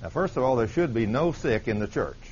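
A man's voice: medium pitch, animated, a little fast, darkish tone, breathy edge. A man preaching a sermon, telling a testimony story with quoted dialogue and rising to emphatic peaks. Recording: dull lo-fi sermon recording with faint hiss.

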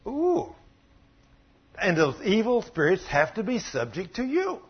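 A man preaching a sermon, telling a story and acting out the voices in it, with sudden loud bursts. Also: high voice, sing-song, normal speed, slightly rough. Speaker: pastor. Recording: muffled lo-fi sound.

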